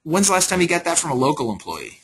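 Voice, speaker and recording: A man's voice: fairly high pitch, very animated, a bit bright, a little hiss or hum. A man being interviewed about his staffing company, easygoing and salesy. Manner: easygoing, salesy, quick to agree. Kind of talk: casual business interview.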